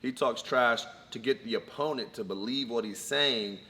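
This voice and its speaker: A man's voice: mid-range voice, normal speed, bright, forceful tone. A man co-hosting a casual fight breakdown, laying out his points methodically and in order. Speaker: co-host, fight analyst. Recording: long reverb, faint background noise.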